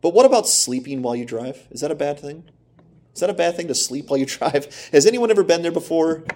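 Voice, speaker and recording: A man's voice: fairly high pitch, lively intonation, quick pace, a little mellow, a little hiss or hum. Emphatic male preacher. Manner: emphatic preaching with rhetorical questions and repetition. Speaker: pastor. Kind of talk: sermon.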